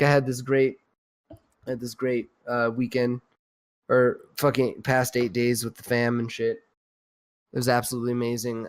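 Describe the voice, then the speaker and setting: Rambling, profane podcast host man. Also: mid-range voice. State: recovering from food poisoning. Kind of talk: casual crude chat.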